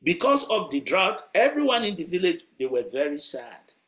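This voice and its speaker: A man's voice: high-pitched, very animated, moderate pace, a bit bright. A man preaching a sermon through a story, conversational and chuckling as he tells it.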